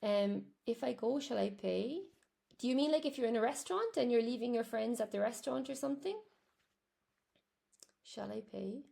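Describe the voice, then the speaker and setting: A woman's voice: on the high side, normal speed, gravelly, warm tone. A young Irish woman teaching English on a live stream, chatting as she answers viewers' comments. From Ireland.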